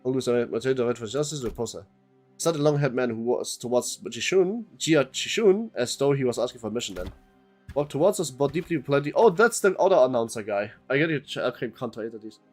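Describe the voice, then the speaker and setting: A man's voice: medium pitch, expressive, fast, darkish tone, faint music behind. A young man streaming a game, chatting to his viewers in a rambling, joking way and reading the game's text aloud. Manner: rambling, chatty, thanks chat members, swears.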